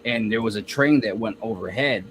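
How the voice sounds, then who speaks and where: Halting man telling a story. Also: lowish voice, slight background noise. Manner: halting, many restarts and fillers, storytelling. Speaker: guest rapper. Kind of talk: casual interview chat.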